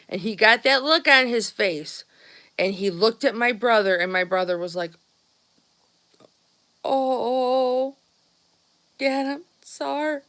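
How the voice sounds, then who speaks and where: Slow-talking chatty woman vlogger. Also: mid-range voice, sharp tone. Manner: chatty, acts out the people in her stories. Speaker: vlogger talking to live viewers. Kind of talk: casual live-stream storytelling.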